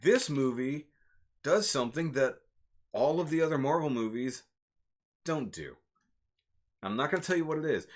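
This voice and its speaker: A man hosting a casual live stream, chatting about movies in an animated, rambling way. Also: medium pitch. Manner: animated, rambling, laughs at himself. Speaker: movie reviewer, channel host.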